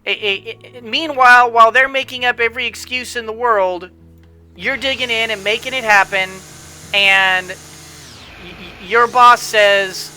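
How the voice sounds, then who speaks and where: A let's-play commentator with a bright, forward tone and an average pitch, drifting into a motivational pep talk. The speech is casual and full of restarts and stumbles, with faint music in the background. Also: steady tone, a little slow, rough recording. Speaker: gameplay commentator.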